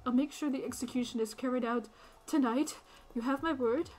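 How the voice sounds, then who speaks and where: A woman's voice: sits high, fairly quick, darkish tone, natural voice, rough recording. A woman voicing an anxious middle-aged male minister, a frightened father who pleads nervously.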